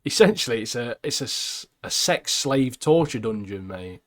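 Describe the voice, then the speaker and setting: A man co-hosting a casual podcast, his voice sitting at a middling pitch. He retells scenes animatedly and keeps ending his phrases with "mate". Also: expressive, moderate pace, a bit bright. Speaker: podcast co-host. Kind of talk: casual chat.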